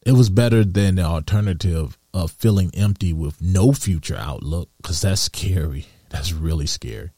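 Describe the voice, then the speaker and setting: A man hosting a solo podcast, talking in a slow, musing way with soft laughs and restarts. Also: sits low, animated, husky, no room sound, studio quality. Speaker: podcast host. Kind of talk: reflective solo podcast monologue.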